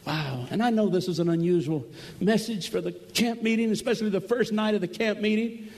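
A man preaching a camp meeting sermon, emphatic, swinging from loud cries to low murmurs, acting out quoted voices and calling for amens. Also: brisk. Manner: acts out quoted voices, asks the crowd for amens. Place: large church or camp meeting hall.

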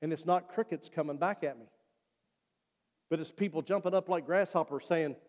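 A man's voice: on the high side, moderate pace, long pauses, a little mellow. Earnest preaching man in a reverberant church. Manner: earnest preaching, repeating appeals. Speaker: pastor. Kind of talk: sermon and altar call. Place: church sanctuary.

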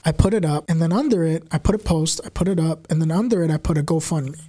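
Fast-talking man telling a story. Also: fairly high pitch. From Dominican family, first generation. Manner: animated, acts out quotes, fast-talking. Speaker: guest telling his story. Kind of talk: casual storytelling.

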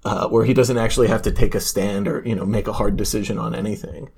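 A man's voice: fairly low pitch, fairly even intonation, fast, vocal fry, darkish tone, slightly rough. A man telling stories and arguing in a casual podcast chat, rambling with restarts and laughter.

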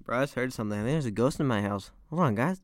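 A man's voice: medium pitch, animated, very fast, no room sound, studio quality. A teenage boy rambling animatedly in slang as he reviews a movie series. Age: teens.

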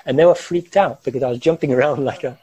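Husky, mellow-voiced man telling a story. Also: mid-range voice, fast talker, low-quality recording. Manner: animated, gestures while talking, chuckles through tense moments. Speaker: guest recounting a personal ordeal. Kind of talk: vivid first-person storytelling.

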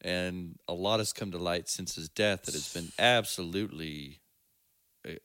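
Male co-host, deep, crisp bright tone, rambling storyteller. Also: a little slow, dry recording, clean studio sound. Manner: storytelling, laughs easily, trails off with fillers. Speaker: podcast co-host. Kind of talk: casual chat.

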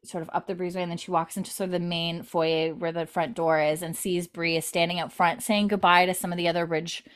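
A woman podcast host recaps a TV episode in casual chat. She talks in a chatty way with lots of fillers, and her voice sits on the lower side. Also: flat delivery, fast talker. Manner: chatty, many fillers, retells scenes.

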